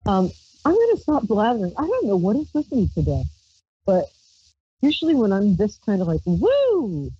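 A woman from Brooklyn, New York, with a mid-range, dark, breathy voice hosts a psychic call-in radio show, reading tarot on a handheld mic. Her manner is rambling, chatty and playful, with squealed exclamations. With no room sound, the recording is dull, dry lo-fi stream audio.

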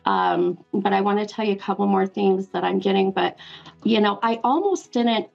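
A woman psychic medium gives a reading to a caller on her show, calling her hun again and again. Her voice is heavily gravelly with vocal fry, and the audio sounds dull and lo-fi. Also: mid-range voice, moderate pace, darkish tone, faint music behind. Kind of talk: live call-in spirit reading.

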